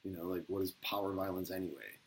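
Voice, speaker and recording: A man talking casually to the camera in a rambling, profane way. He gets excited at times and drops into a mumble at others. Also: sits low, quick pace, slight background noise, low-quality recording.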